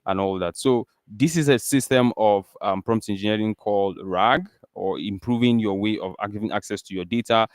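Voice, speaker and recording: A man from Nigeria with a Nigerian accent, presenting a live software demo in a casual, chatty way with plenty of fillers. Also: fairly low pitch, moderate pace, hardly any pauses, dry recording, studio quality. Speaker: tech presenter.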